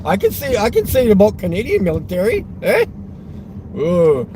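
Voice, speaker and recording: High, animated man, teasing car vlogger, loud road noise. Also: normal speed. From Westchester County, New York. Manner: provocative, teasing, laughs often. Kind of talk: rambling car vlog talk.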